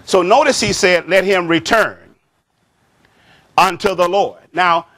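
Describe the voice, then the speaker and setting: Slow, emphatic preaching pastor, a man. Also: fairly bright tone. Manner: repeats and stresses key words, stretching scripture phrases slowly; drops pitch and volume at the end of a point. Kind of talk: sermon.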